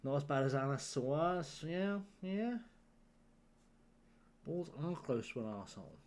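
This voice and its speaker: A man's voice: fairly high pitch, very animated, unhurried, a little mellow. A man chatting casually and tiredly at home on a late-night game stream, joking with his chat and laughing often. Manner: joking banter with chat, frequent laughter, rambling. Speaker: live-streaming gamer.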